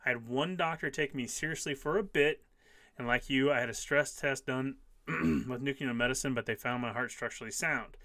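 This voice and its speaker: The recording is clean studio sound with no room noise, capturing a medium-pitched, sharp-toned male voice at normal speed. A man in his fifties reads viewer comments aloud on his casual live stream, answering them emphatically and often repeating key phrases.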